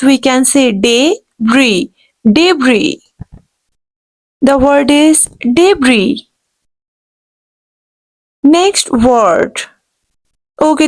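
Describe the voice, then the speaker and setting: A woman with a high, creaky, darkish voice teaches pronunciation in a slow instructional video, emphatically correcting mistakes with repeated "no" and saying each word again and again. The recording quality is low.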